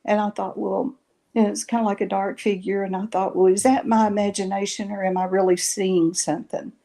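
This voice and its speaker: A woman's voice: mid-range voice, little pitch movement, a little fast, gravelly, mellow. A middle-aged woman, telling a long story in a rambling way and correcting herself often. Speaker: guest recounting paranormal experiences. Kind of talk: casual storytelling interview.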